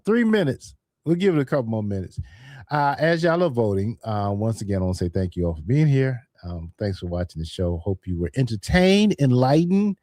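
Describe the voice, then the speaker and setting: A man's voice: medium pitch, warm tone, dry recording, studio quality. A man hosting a live stream in a casual, chatty way, calling out poll votes to viewers. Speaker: livestream host.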